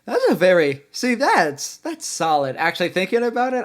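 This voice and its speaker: A man's voice: sits high, sing-song, moderate pace. Man musing over guitar parts. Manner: musing, comments on guitar parts between songs. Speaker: album reaction host. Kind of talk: casual reaction commentary.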